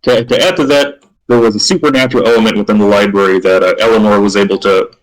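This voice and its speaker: Loud, projecting male game master. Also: lowish voice, fairly even intonation, rough recording. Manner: halting, with many restarts. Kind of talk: narrating a tabletop game.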